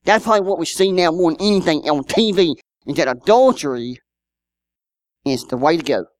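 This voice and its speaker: A man's voice: a little high, animated, a little fast, dry recording. A man, preaching a sermon in a conversational style with rhetorical questions and personal stories. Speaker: pastor.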